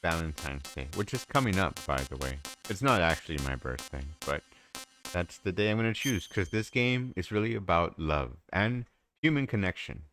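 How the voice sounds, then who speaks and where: A man's voice: deep voice, expressive, moderate pace, fairly bright tone. A man casually commenting on a game during a live stream, with offhand joking asides. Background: game music.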